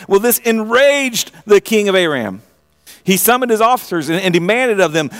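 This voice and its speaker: A man preaching a sermon, retelling a story in an animated way, often restarting his phrases and asking his listeners direct questions. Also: sits high, normal speed, clean tone. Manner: animated storytelling with frequent repeated starts; asks the audience direct questions.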